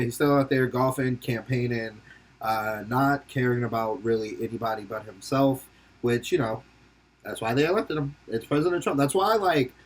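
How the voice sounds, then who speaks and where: Swearing freely and laughing often, a young man hosts a rambling, joking podcast of casual commentary, switching into silly put-on voices for quotes. He has a mid-range voice with a breathy edge.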